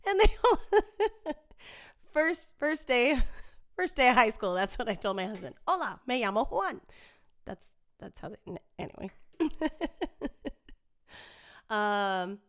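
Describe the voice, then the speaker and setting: A woman talks to her live-stream viewers in a slow, easy rhythm, her voice smooth and clear. She reads their comments aloud and laughs often as she chats. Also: on the high side, fairly bright tone. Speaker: livestream host reading viewer comments; singer. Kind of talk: casual live-stream chat.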